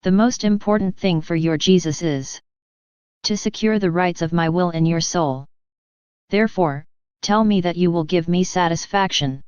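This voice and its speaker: A woman reading the words of Jesus as a tender, grave male divine voice, in a slow, solemn, consoling manner. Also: on the low side, a little mellow, clean tone, no room sound, natural voice. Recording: slightly dull, dry close recording.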